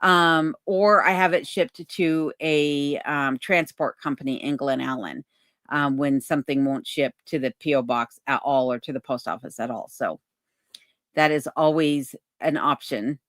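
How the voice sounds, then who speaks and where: Reading her chat comments out loud, a woman answers viewer questions during a casual livestream Q&A at her home cabin in remote Alaska. She's relaxed and unhurried, with many ums, and speaks in a low voice. The audio is studio quality without room sound.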